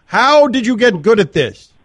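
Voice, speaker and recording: A man hosting a sports radio show, interviewing a guest in an excitable, hyped-up way. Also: high-pitched, moderate pace, no echo, studio quality. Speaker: radio host.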